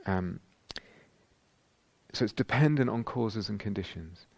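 A British meditation teacher speaks in a reflective, unhurried way, pausing and restarting as he searches for words. His voice sits low with a gravelly edge. The sound is dry and close. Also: lively intonation, no room sound. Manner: gentle, reflective, many pauses and restarts. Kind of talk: dharma talk. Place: retreat meditation hall.

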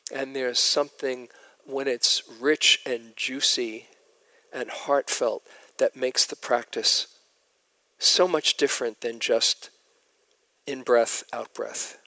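Slow gravelly guy giving a meditation talk, gentle storyteller, dry close sound. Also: mid-range voice, steady tone, no echo. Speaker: meditation teacher. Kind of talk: dharma talk at a retreat. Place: meditation retreat hall.

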